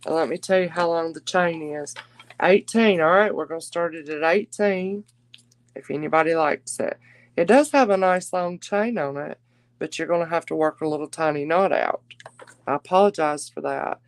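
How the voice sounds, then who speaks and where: A woman's voice: low voice, normal speed, dry recording. A woman hosting a live-stream jewelry auction, chatting with viewers and calling them darling. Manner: chatty, warm endearments to viewers.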